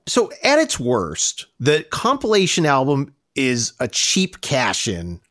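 A man co-hosting a music podcast, explaining his picks in a quick, chatty way. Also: medium pitch, huge pitch swings, fairly bright tone, no room sound, clean studio sound. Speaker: podcast co-host. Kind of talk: casual podcast chat.

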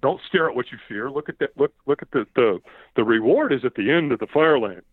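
Lively man on a tinny phone-like line. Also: medium pitch, brisk, no room sound. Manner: lively, acts out quoted shouts, repeats words. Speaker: podcast guest. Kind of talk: animated storytelling.

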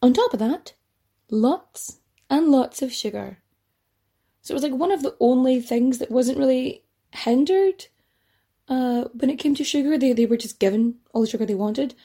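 A chatty woman hosts a history podcast, telling her story with loose asides and the odd swear word. Her voice sits a bit high, with a mellow, darker tone and a husky edge. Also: lively intonation, normal speed. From Ireland. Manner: chatty and rambling, swears casually, frequent fillers and asides. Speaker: podcast host.

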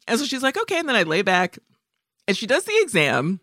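High-pitched, pushed and bright, yet measured in pace, a very animated woman in her forties co-hosts a podcast in a dry, clean studio recording. She tells a funny, casual story with plenty of swearing and performs the other people's lines herself.

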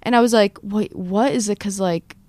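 A woman in her twenties hosting a podcast, telling a story in a fast, animated way and acting out the quotes. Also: medium pitch, dry recording. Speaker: podcast host. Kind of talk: casual storytelling chat.

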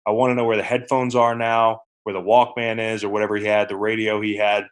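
A man's voice: on the low side, little pitch movement, quick pace. A man co-hosting a sports podcast, rambling in casual, conversational chat.

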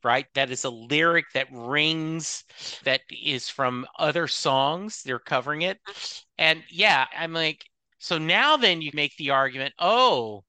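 A man's voice: on the high side, measured pace, no room sound. A man co-hosting a podcast, chatting casually and reading song lyrics aloud. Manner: relaxed, reads lyrics aloud and acts out anecdotes. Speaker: podcast co-host.

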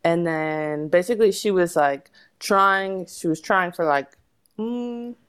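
Animated woman telling a story. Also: lowish voice, slow pace, clean tone. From United States. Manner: animated, laughs often, acts out quotes. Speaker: guest. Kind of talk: casual storytelling.

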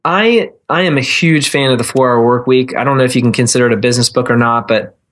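A man in his thirties, a guest on a podcast, answering questions earnestly. He talks casually, often restarting his sentences and filling the pauses. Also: medium pitch, a bit bright. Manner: earnest, with frequent restarts and fillers. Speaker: podcast guest, real estate investor.

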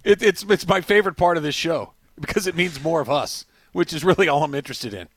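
A man's voice: fairly high pitch, fast talker, fairly bright tone, husky, dry recording. A man co-hosting a sports talk show in casual, joking banter. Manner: joking, does comic Boston-accent impressions. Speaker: co-host.

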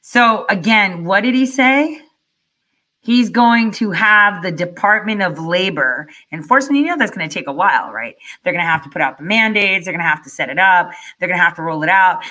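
A woman's voice: lowish voice, animated, brisk, bright, forceful tone. A woman ranting angrily in profane reaction commentary, firing rhetorical questions at her viewers. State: furious.

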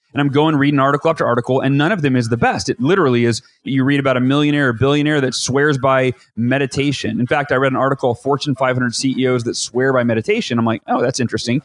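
A middle-aged man, a guest author, tells his story in an interview with lively energy, acting out his own thoughts in quoted asides. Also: medium pitch, quick pace, no echo.

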